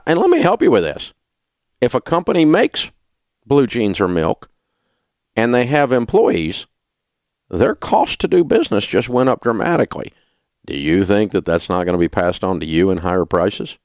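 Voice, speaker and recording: A man's voice: on the low side, dry recording, studio quality. A middle-aged man hosting a talk radio show, ranting in an indignant, sarcastic way. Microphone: studio mic.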